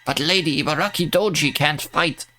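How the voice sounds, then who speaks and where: A man voicing a band of brash, excitable oni underlings who cheer for battle. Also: on the high side, moderate pace, voice pushed up. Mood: rowdy. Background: faint background music.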